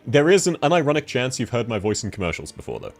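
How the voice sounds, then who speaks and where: A man's voice: mid-range voice, very animated, quick pace, soft background music. A man with an Australian accent, chatting casually on a game stream, laughing often as he answers chat.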